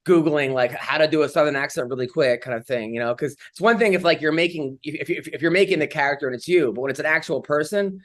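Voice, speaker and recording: A man's voice: on the high side, fast, few pauses, a bit bright. A man telling stories on a comedy podcast, casual chat, rambling with lots of fillers and restarts.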